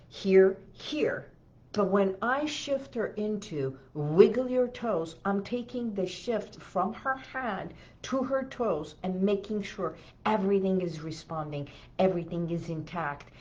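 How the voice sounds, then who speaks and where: A woman's voice: medium pitch, expressive, takes it slowly, highs cut off. A middle-aged woman hypnotherapist gives a self-help talk, telling a personal story and often checking in with the listener with an "okay?".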